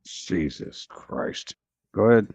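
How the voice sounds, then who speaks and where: Man tossing in wry lively asides. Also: on the low side, slow, no room sound, lo-fi sound. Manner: brief wry interjections. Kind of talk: casual chat.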